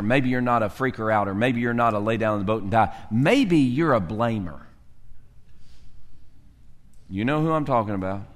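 A man preaching a sermon as pastor, acting out characters and swinging from loud to hushed. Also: high voice, long reverb tail.

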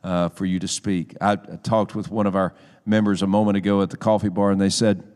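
Earnest pastor, smooth resonant voice. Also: male voice, deep voice, flat delivery, a little fast, darkish tone. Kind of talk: sermon introduction. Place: church sanctuary. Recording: long church hall reverb.

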